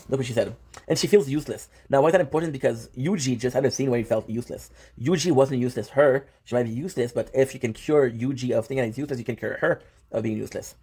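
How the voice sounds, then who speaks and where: A man giving casual, excitable reaction commentary on a manga, swearing often and full of fillers and restarts. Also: mid-range voice, quick pace, husky. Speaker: manga reviewer.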